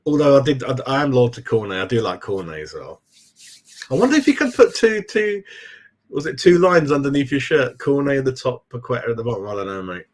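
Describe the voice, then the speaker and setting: A man's voice: medium pitch, animated, fast talker, few pauses. A middle-aged man chatting casually on a live fan stream, calling everyone "mate" as he goes. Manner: chatty, says "mate" a lot. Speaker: fan channel host.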